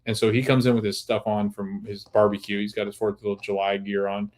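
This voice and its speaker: A man's voice: on the low side, flat delivery, brisk, darkish tone. A man hosting a podcast, recapping a TV episode in a casual, rambling way with many restarts. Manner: rambling, full of restarts and "like", laughs at times. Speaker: podcast host.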